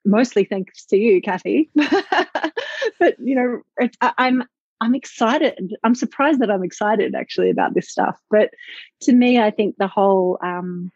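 A woman's voice: medium pitch, unhurried, darkish tone, breathy edge, dry recording. A woman, a business owner talking reflectively and with enthusiasm in a conversational interview, with many fillers. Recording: slightly dull lo-fi audio.

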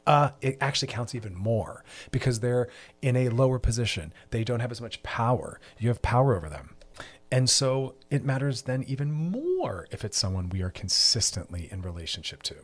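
A man's voice: mid-range voice, expressive, fairly quick. A man hosting a solo podcast, delivering an emphatic, preachy monologue with repeated refrains. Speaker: podcast host.

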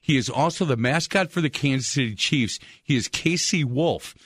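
A man hosting a sports radio talk show, telling a story in a chatty, lively way. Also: medium pitch, moderate pace, breathy edge, no room sound, clean studio sound.

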